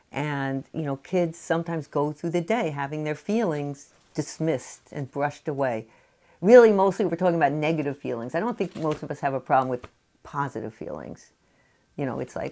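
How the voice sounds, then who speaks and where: A woman with a low-pitched voice talks through parenting advice in an easy, conversational way. She leans on "you know" often and slips into quick acted-out snippets of what parents say to their children. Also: dark tone. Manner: conversational, many "you know" fillers, acts out parent quotes. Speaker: parenting author. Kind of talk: explanatory talk to camera.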